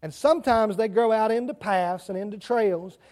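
A man's voice: high voice, moderate pace, darkish tone. A man with a rural Southern country accent giving a children's sermon in church, chatty and asking the kids questions. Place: church sanctuary.

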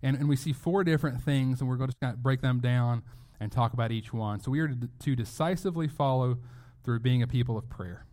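A man's voice: mid-range voice, quick pace, a little mellow. A man preaching a sermon as pastor, earnest and emphatic, often restarting his phrases.

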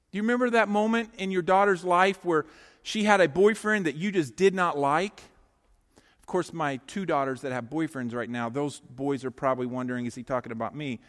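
A middle-aged man delivers a sermon from a church sanctuary, and his voice sits high for a man. He tells stories with lively humor and speaks straight to the congregation. The sound rings with the long reverb of a large hall. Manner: lively, joking storyteller who talks straight to the congregation. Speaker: pastor.

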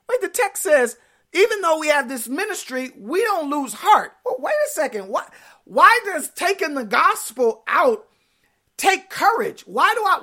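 Woman preacher, high voice, lively playful sermon with rhetorical questions.

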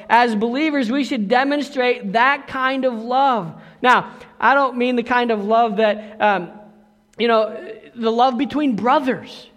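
A man's voice: very high voice, measured pace, fairly bright tone. A man preaching a sermon, telling a personal story in a conversational way and often checking in with the congregation. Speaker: pastor. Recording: long hall reverb.

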